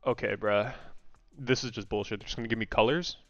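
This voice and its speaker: A young man casually vlogging a daily guessing game, thinking aloud, excitable and swearing freely. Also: on the low side, a little fast, dry recording, faint music behind. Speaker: gaming content creator. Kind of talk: casual gaming vlog commentary. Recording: dry, slightly muffled home mic.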